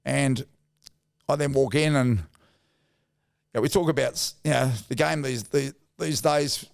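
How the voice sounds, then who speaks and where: A man's voice: mid-range voice, steady tone, unhurried, vocal fry. A man in his fifties with an Australian accent, a former footballer telling blunt, slangy stories as a guest in a casual interview. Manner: blunt, laddish yarn-telling with slang and swearing. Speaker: guest, former rugby league player.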